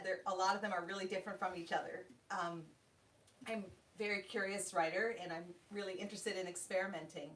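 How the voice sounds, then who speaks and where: A woman author reading her novel aloud and then talking about her career at a bookstore event, in a plain, unhurried storytelling voice. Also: medium pitch, a bit bright, slight background noise. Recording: roomy hall sound, distant mic.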